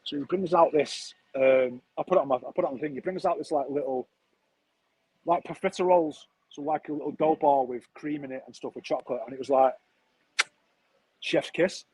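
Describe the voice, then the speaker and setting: A man's voice: on the high side, brisk, a little mellow, slightly rough, low-quality recording. A man, telling a rambling, chatty story full of slang as a streamer. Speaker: football streamer. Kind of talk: casual storytelling chat.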